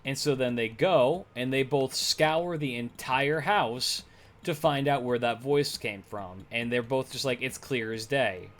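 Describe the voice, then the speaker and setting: A man's voice: mid-range voice, measured pace, fairly bright tone, a little hiss or hum. A young man streaming, telling stories in a rambling, profane casual chat with many fillers.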